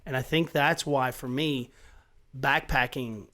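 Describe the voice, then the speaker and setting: A middle-aged man with a mid-range voice chats on a casual podcast, speaking a little slowly. He tells stories animatedly and emphatically, swearing a lot.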